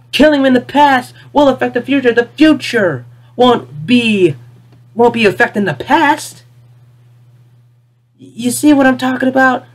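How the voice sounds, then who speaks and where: An exasperated vlogger talks straight to the camera in an unplanned rant. The voice swings between loud, incredulous outbursts and low, deflated muttering. Points come back again and again, mixed with rhetorical questions. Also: slightly rough. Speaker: video creator ranting about a cartoon finale.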